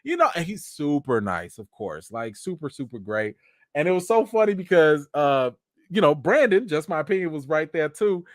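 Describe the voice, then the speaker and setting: A man hosting a live stream, telling casual stories in an animated, self-mocking way with lots of slang. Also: on the high side, normal speed, no echo, clean studio sound. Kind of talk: casual storytelling.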